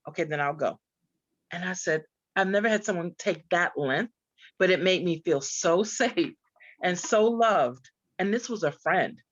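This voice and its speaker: Lower-voiced woman on a video call, earnest, dry muffled audio. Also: unhurried, no room sound. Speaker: speaker coach. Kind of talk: panel discussion.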